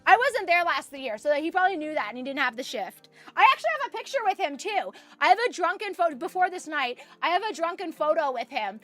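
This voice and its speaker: With an extremely high, fairly bright voice, a young woman with a Canadian accent talks very animatedly and quickly, hardly pausing, as she sews and chats with her live viewers. She rambles through a story full of "like"s and restarts, laughing a lot, while soft music plays behind her.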